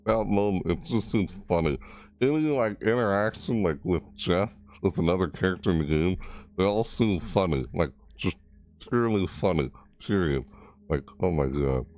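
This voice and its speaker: A man with a deep voice chats loosely over a video game, amused and filling every gap with little asides. His pitch swings widely as he reacts, climbing high in surprise before settling back down low. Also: animated, moderate pace, darkish tone, no room sound. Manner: rambling, amused, constant fillers and laughing. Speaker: gaming YouTuber. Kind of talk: casual gameplay commentary.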